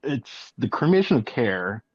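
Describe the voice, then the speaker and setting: A man speaking as an interview guest, telling his story in a halting, matter-of-fact way with many fillers. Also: medium pitch, sing-song, a little mellow, breathy edge, dry recording, highs cut off. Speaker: guest, eyewitness.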